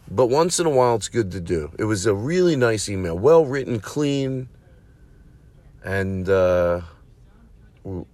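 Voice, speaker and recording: A man's voice: medium pitch, no echo. A man hosting a comedy podcast, talking in a rambling, profane, self-mocking monologue. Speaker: podcast host.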